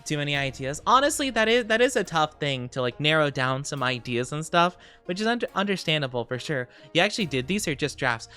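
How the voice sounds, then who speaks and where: A woman's voice: sits low, sing-song, brisk, hardly any pauses, sharp tone, clear, resonant tone, soft background music. Rambling, giggly woman streamer. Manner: rambling and giggly, heavy on fillers. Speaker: VTuber streamer. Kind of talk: casual chat on a livestream.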